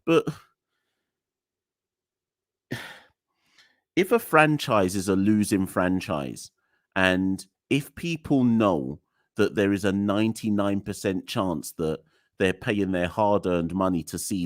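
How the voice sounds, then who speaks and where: A young man, speaking in a very low, deep register close to a dry, dead-sounding mic. He hosts a live solo podcast and rants in a weary, exasperated way, sighing and laughing wryly. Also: lively intonation, takes it slowly, long pauses, dry recording. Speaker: podcast host.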